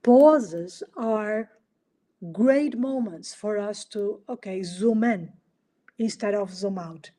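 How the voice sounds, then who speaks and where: A woman hosting a solo podcast in an animated coaching style, asking rhetorical questions and making small grammar slips. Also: medium pitch, takes it slowly. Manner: animated, acts out little dialogues, asks rhetorical questions. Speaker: podcast host.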